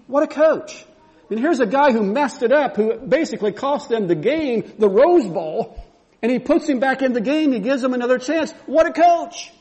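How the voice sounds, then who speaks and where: A man's voice: very high-pitched, lively intonation, normal speed, darkish tone. A man preaching a sermon, telling a story and building to fervent, repeated exclamations.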